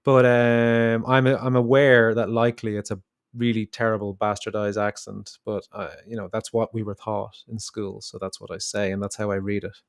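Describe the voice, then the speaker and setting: Smooth-voiced Irish man chatting casually. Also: lowish voice, little pitch movement, moderate pace. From Ireland. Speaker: podcast co-host. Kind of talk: casual chat.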